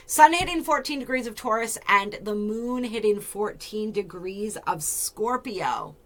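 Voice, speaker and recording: A woman's voice: fairly high pitch, bright, forceful tone. A woman hosting an astrology talk, speaking in a flowing, searching way and thinking aloud as she goes. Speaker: astrology channel host.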